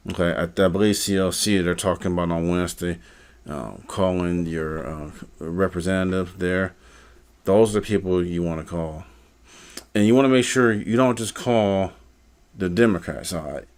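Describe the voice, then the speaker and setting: A man's voice: deep voice, normal speed, darkish tone. A man hosting a live stream, talking casually and rambling, with many fillers and repeated words. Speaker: live stream host, postal worker.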